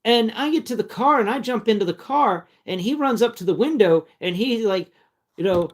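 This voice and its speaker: A man's voice: high voice, lively intonation, moderate pace. A man telling a personal story in a casual, rambling way, often repeating words and restarting sentences. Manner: chatty, breaks off to talk to his cat.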